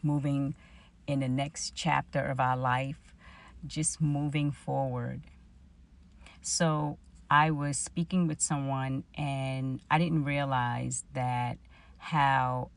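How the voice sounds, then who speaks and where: New lady in her 40s telling her faith story, gravelly voice, acts out what everyone said. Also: low voice. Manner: storytelling, animated retelling of her own dialogue. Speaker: vlogger. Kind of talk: personal faith testimony.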